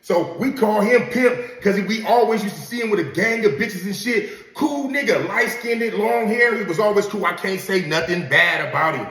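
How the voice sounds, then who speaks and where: A man with a slightly high voice tells a story in casual, profane street talk and keeps checking in with his listeners. He sits back from the mic in a roomy space that adds a clear echo. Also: normal speed, hardly any pauses, fairly bright tone, far from the mic. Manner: profane, streetwise, keeps checking in with "you know what I'm saying". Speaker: podcast host telling his own story.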